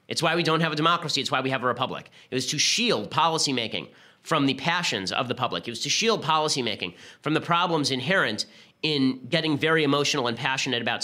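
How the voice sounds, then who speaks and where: A man hosting a podcast, delivering an argumentative political commentary monologue with quick restarts. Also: mid-range voice, pushed and bright. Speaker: podcast host.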